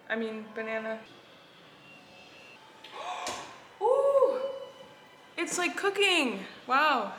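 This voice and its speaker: In an echoey home kitchen full of clattering dishes, a woman vlogger makes casual, self-deprecating small talk with her viewers as she cooks. Her voice sits on the high side, pushed and bright, with slight background noise.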